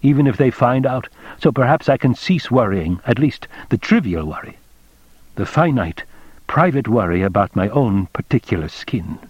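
A man voicing a worried man brooding quietly to himself in low, inward musing. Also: expressive, normal speed, breathy edge, dry recording. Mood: relieved musing. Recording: dull dry lo-fi recording.

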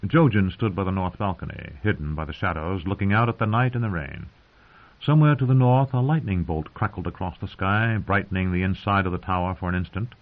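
A man narrating a fantasy audiobook in a dramatic, expressive reading. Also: low voice, brisk. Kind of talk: scripted narration. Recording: dull lo-fi audio.

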